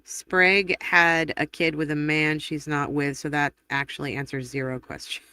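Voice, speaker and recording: A woman's voice: low voice, flat delivery, bright, forceful tone, clean tone, no echo. Chatty woman hosting a live stream. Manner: chatty and rambling, quick laughs and self-corrections. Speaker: livestream host. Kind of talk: casual livestream chat, reading viewer comments aloud.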